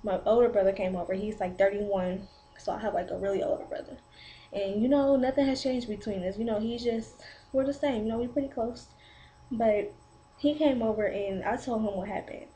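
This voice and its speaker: A woman's voice: medium pitch, fairly quick, poor audio. A pregnant teenage girl vlogging, telling a long rambling story about her little sister with lots of "like" fillers. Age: 17 to 19, teen. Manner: rambling, animated retelling with many "like" fillers. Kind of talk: casual storytelling vlog.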